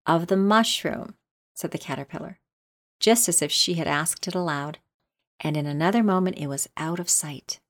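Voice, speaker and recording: Brief: woman narrator, lowish voice, measured storybook reading.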